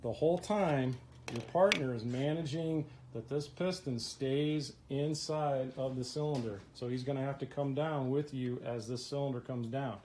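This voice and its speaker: A man's voice: mid-range voice, normal speed, darkish tone. A man walking viewers through an engine repair step by step in a plain, practical way. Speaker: mechanic. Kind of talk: how-to repair walkthrough.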